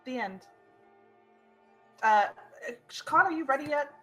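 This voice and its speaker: Bright, giggly woman. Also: high-pitched, animated, slow, soft background music. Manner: giggly, brief. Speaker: player. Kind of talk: casual tabletop game chat.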